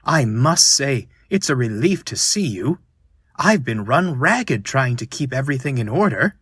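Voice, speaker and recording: A man's voice: medium pitch, sing-song, a little slow, a bit bright, slightly rough, no room sound, studio quality, heavily acted. A man voicing Edward, a weary, hardworking old male engine who stays polite, in a storybook reading. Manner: tired but polite.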